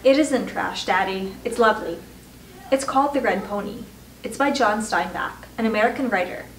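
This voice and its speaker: A woman's voice: medium pitch, moderate pace, a little hiss or hum, close to an everyday voice. A woman voicing a sweet, earnest little girl. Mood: pleading. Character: bright polite little girl. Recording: roomy echo, distant mic.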